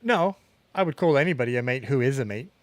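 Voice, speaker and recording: A man from England co-hosting a podcast, relaxed and laughing easily as he chats. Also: mid-range voice, quick pace, no room sound. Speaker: podcast co-host. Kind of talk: casual chat.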